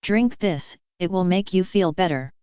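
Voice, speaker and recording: A woman's voice: on the low side, normal speed, dark tone, clean tone, no echo, highs cut off, natural voice. A woman voicing a regal, once-warlike pony princess who speaks formally, in a storybook reading. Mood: soothing. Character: stern warrior pony princess, commanding yet tender.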